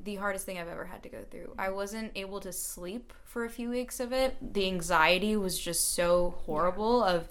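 A woman's voice: medium pitch, moderate pace, few pauses. A young woman in her late teens, a student, telling her story in a casual radio interview, earnest and chatty with frequent fillers. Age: young adult.

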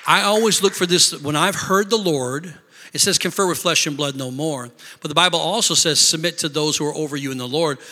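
High, bright-voiced man preaching in a hall. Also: brisk. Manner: preaching with bursts of shouting and mimicked complaining voices. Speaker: pastor. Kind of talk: sermon. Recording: long reverb of a large hall.

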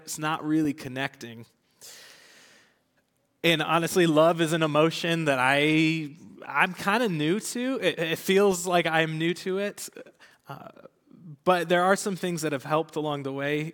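A young pastor with a slightly high voice delivers his sermon with a big-room sound. He is earnest and candid, laughs lightly now and then, and softens into whispers when things turn tender.

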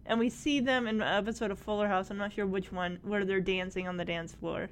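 A woman casually recapping a TV episode, gushing and excitable as she retells scenes and quotes the characters. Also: medium pitch, a little fast, a little hiss or hum. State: tearing up.

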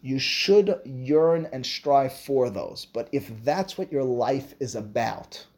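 A man leads a Torah class in an animated lecturing manner. He leans on emphasis and rhetorical questions as he explains texts to his students. His voice sits at an ordinary middle pitch for a man. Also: slow pace. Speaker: Torah teacher.

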